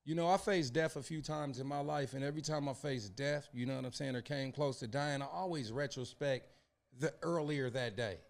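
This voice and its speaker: A man hosting a podcast interview, asking questions in a lively, slangy way. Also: medium pitch, fairly quick, gravelly. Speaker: podcast host. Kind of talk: casual interview chat.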